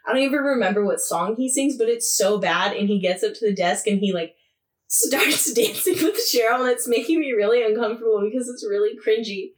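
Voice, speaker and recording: A young woman chatting casually as a podcast co-host. She tells stories with lively asides and breaks into laughter often. Her voice sits a touch distant from the microphone. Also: a little high. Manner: animated storytelling, laughs often, quick asides. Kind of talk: casual chat.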